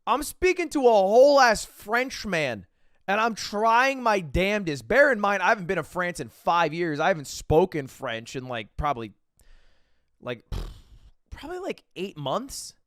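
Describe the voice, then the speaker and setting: Animated young man streaming, swearing freely. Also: high voice, moderate pace, no echo, studio quality. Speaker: livestream host. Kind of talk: casual chat with viewers.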